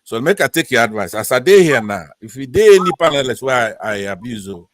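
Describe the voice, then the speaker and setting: A man with a Nigerian Pidgin accent who talks as a debate panelist, rambling and conciliatory as he slides between Pidgin and English. The recording is dry and close, and his pitch sits in a middle range. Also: big pitch swings, a little fast, no echo. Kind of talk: online political panel debate.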